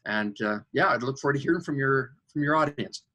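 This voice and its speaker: A man, a podcast guest and coach, telling an animated story about angels and synchronicity with enthusiasm. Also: a little fast. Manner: acts out angels' voices in a higher, excited tone; enthusiastic, spiritual coaching talk.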